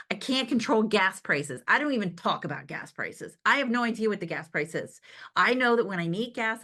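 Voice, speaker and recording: A woman's voice: mid-range voice, bright, forceful tone. Upbeat woman giving a motivational talk. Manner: conversational and upbeat, with frequent "right?" asides and laughs; acts out remembered conversations. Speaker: direct sales leader giving a motivational talk. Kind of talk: motivational talk to a sales team.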